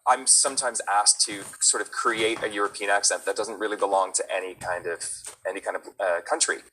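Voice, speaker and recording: A man chats about his voice work in a loose, rambling way, full of fillers and restarts. His voice sits low but sounds bright and forward. A faint hiss runs under the recording. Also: fairly even intonation, fairly quick, poor audio. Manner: chatty, many fillers and restarts. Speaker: voice actor. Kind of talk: casual chat.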